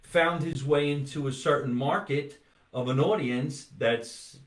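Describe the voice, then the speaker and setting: An older man hosting a comedy podcast, telling lively anecdotes in casual chat. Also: fairly high pitch, a little slow, echoey room. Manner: animated storyteller, swears, does voices in anecdotes. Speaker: podcast host.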